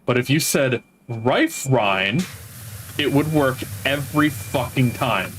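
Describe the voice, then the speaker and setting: A man of ordinary pitch talks loosely on a gaming stream, wandering through stories and often stopping to find his words. A faint hiss runs underneath. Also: fairly even intonation, moderate pace, fairly bright tone, rough recording. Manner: rambling storyteller, trails off mid-sentence. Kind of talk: casual chat while gaming.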